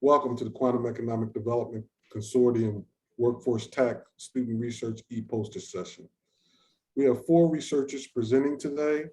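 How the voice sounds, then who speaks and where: This man runs an online research session over a video call, chatting informally and reasoning out loud. His medium-pitched voice is warm and steady, and his pace is moderate.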